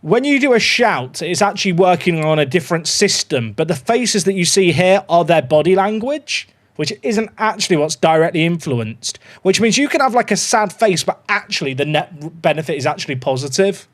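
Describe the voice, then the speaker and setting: A man with a high, lively voice that leaps up and down as he streams a football management game. He chats to his viewers in an excitable, running commentary, quick to cheer and quick to grumble. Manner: excitable, chatty, talks to his dog and chat. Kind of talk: live gameplay commentary.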